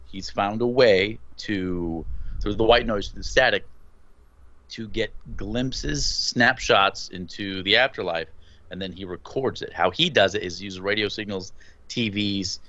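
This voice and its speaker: A man co-hosting a horror movie podcast, talking in an animated, swearing, laughing way. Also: on the low side, measured pace, dry recording, dull audio. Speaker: podcast co-host. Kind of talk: casual movie review chat.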